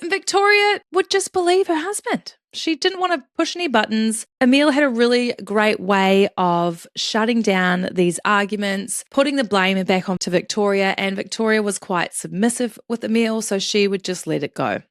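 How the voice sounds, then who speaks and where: A woman's voice: medium pitch, animated, normal speed, few pauses, no room sound, clean studio sound. Chatty woman telling a crime story. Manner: chatty, swears, jokes. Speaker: podcast host.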